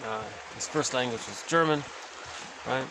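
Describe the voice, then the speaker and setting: A man's voice: medium pitch, measured pace, background noise. A man casually explaining psychoanalytic ideas, conversational and often checking in with his listeners. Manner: conversational, self-correcting, checks in with "right?". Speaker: teacher.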